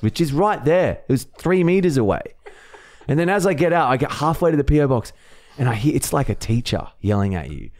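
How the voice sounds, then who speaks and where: A man's voice: medium pitch, lively intonation, fairly quick. A young Australian man, a podcast co-host, telling stories in casual chat, swearing freely and laughing often.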